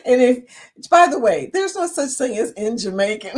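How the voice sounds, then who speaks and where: A woman's voice: high-pitched, breathy edge. A woman from Chicago hosting a casual live chat, reading viewers' comments aloud and laughing often. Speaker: livestream host reading chat.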